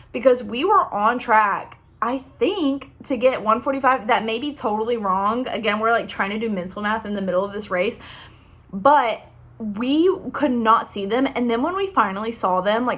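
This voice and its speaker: A woman's voice: fairly high pitch, fairly bright tone. Bubbly chatty young woman. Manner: bubbly, chatty, lots of "like" fillers. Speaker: running vlogger. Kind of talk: casual race recap.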